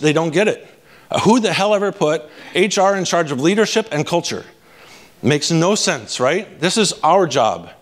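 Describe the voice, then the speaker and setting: A man speaking from a conference stage, energetic, casual and blunt, often asking the audience "right?". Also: fairly high pitch. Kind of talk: live keynote talk.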